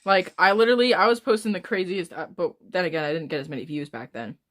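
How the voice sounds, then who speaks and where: A woman's voice: fairly low pitch, fairly bright tone, faint music behind. Rambling, foul-mouthed young woman streamer. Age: 20s. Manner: rambling, swears a lot, talks fast. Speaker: livestreamer. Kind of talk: casual live stream chat.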